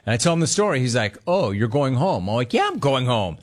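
A man's voice: mid-range voice, big pitch swings, fairly quick, few pauses. A man hosting a radio show, telling a story casually and acting out other people's lines.

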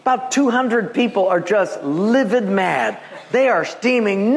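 A man's voice: high-pitched, measured pace. A man preaching a sermon in a church, telling stories and acting out the people in them. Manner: animated, acts out voices and quotes, laughs with the congregation. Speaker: pastor. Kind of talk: sermon with storytelling. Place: church with a live congregation.

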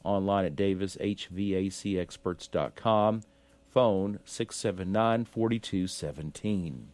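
Folksy raspy-voiced radio host, man. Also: deep voice, a little slow, a little mellow, no echo. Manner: folksy, reads forecast with many fillers. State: raspy from allergies. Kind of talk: local radio call-in chat.

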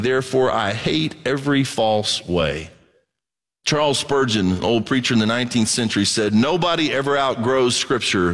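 A man delivering a sermon in a casual, conversational way, his fairly high voice rising when he gets worked up and dropping low for quiet asides. The long reverb of a big hall trails behind his words. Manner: conversational preaching, swings from quiet asides to excited emphasis. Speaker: pastor.

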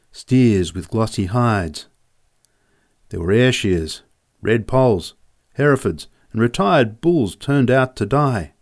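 A man reading a humorous memoir story aloud in a vivid, measured way. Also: on the low side.

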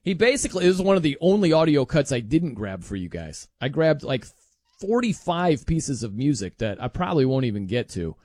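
A man hosting a sports radio show, talking in an animated, chatty way with jokey asides. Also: mid-range voice, brisk, dry recording, studio quality. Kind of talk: casual radio talk.

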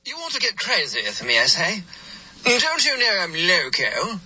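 A man putting on a British accent, half-singing a rap hook in a slow, drawn-out way, played from a social media clip. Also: high-pitched, wildly swooping pitch, husky, heavily acted. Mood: mock-posh. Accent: put-on British. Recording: dull lo-fi clip with loud noise.

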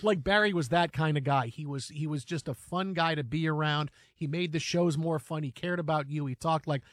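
A man talks sports in a casual, animated way, often stumbling and restarting mid-sentence. His voice sits a little high for a man. The sound is dry and close to the mic. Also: normal speed, no room sound. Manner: animated storytelling with many restarts. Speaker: sports radio host.

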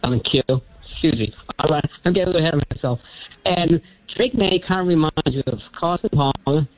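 An older retired man calling in on the phone, with a thin high "helium" voice, rambling from one topic to the next. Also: lively intonation, a little fast. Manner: rambling, jumps between topics. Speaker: caller. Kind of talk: rambling call-in sports talk. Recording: muffled phone-line call.

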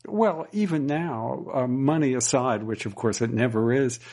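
A man's voice: mid-range voice, moderate pace, a little mellow. A man asking wry, probing questions in casual conversation, often restarting his words. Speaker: interviewer.

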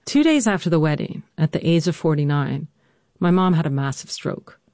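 A narrator telling a personal family story and interviewing their mother, measured and reflective. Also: medium pitch, big pitch swings, a little mellow, no echo, studio quality.

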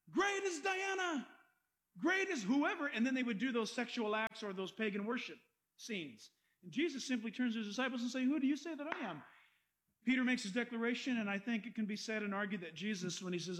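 A man with a strikingly high voice preaches a sermon. He talks to the congregation in a lively, conversational way and breaks into acted-out quotes and asides. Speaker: pastor.

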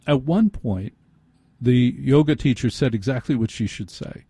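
Husky, warm-voiced late-night radio host. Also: male voice, mid-range voice, animated, normal speed, dry recording. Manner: self-deprecating storytelling. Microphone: studio microphone.

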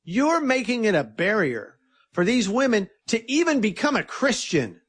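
A filmmaker being interviewed, telling an earnest, animated story and quoting others in his own voice. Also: high-pitched, normal speed, husky.

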